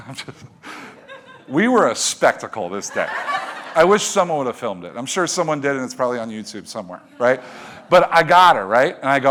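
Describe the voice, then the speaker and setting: A middle-aged man telling a story to an audience as a motivational speaker, animated, swinging from hushed to loud. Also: medium pitch, brisk.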